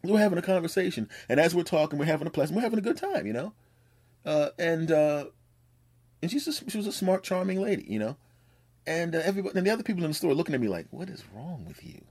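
A podcast host with a fairly high, darkish, slightly rough voice talks quickly and with animation. In a casual monologue he rambles through a personal story, joking, swearing freely, and acting out what people said.

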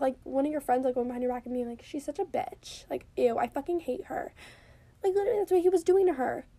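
A young woman talks through her opinions on a TV episode in a casual, heated monologue, peppered with fillers and swearing. Her voice sits a touch high with a mellow, soft tone. The sound is dry and close, with no room around it. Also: dry recording. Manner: heated, profane, many fillers and quoted asides. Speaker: TV episode reviewer.

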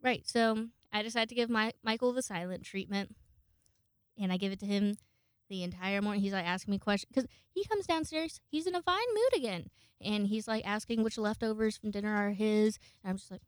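A woman chats through a long personal story, cursing freely and circling back with fillers as she goes. Her voice is smooth and clean, close to the microphone in a dry room with no echo. She sounds like a casual home vlog. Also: medium pitch, little pitch movement, brisk. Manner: chatty, profane, rambling with frequent fillers. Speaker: vlogger. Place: home, indoors.

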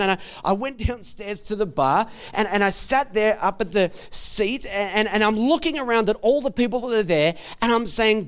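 A man with an Australian accent, a pastor telling a story in a sermon, animated and often repeating words as he goes. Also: sits high.

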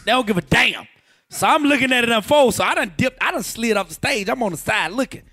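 Guy telling a wild story, acts out the quotes, pretty high voice. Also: lively intonation, fast, dry recording. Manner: acts out quotes, shouting and laughing. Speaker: radio personality telling a story. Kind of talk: animated storytelling.

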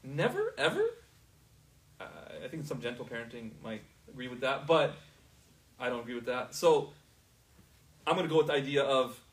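A man's voice: medium pitch, very animated, normal speed, long pauses, distant mic, rough recording. Man teaching a class from across the room. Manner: asks the class often if they understand.

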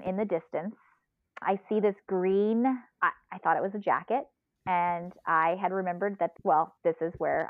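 A woman telling a long personal story in a casual, animated way, laughing and acting out her own inner voice. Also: medium pitch, no echo, highs cut off. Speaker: podcast guest, ultrarunner.

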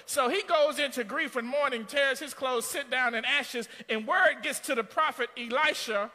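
A high-voiced male preacher with a very bright, piercing tone tells a story from the pulpit and climbs into shouts. His voice rings out with a long hall reverb in a church sanctuary. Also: normal speed, hardly any pauses. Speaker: pastor. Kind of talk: sermon.

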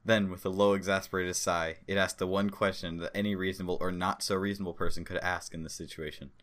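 Deep-voiced man reading a story. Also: little pitch movement, quick pace, fairly bright tone. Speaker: story reader and co-host. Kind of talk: reading fan fiction aloud with banter.

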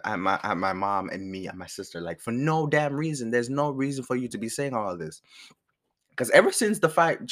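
A young man casually telling a personal story, animated and rambling, swearing freely and laughing as he goes. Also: medium pitch. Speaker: storyteller vlogger.

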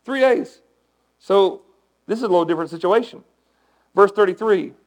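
A man preaching a sermon as pastor, conversational and animated, asking the congregation questions. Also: sits high, fairly quick, rough recording.

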